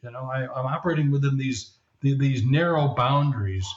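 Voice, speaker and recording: A man's voice: mid-range voice, brisk. A man who is a leadership coach and author, explaining his ideas as a guest in a podcast interview and sometimes acting out quoted voices. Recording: roomy, dull lo-fi sound.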